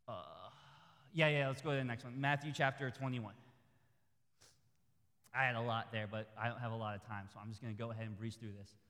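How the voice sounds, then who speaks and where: A man preaching a sermon in a conversational, humorous way that builds to loud, high peaks. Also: flat delivery, brisk, pauses often, in a large hall.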